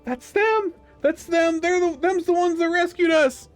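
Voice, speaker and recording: A man doing a high squeaky excited little villager. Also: unhurried, faint music behind. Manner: eager, gushing, repeats himself.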